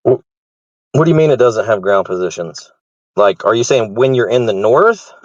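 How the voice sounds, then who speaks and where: Low-voiced man explaining, dull audio. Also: expressive, normal speed, no room sound. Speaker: panelist explaining a method. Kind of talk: technical explanation on a call.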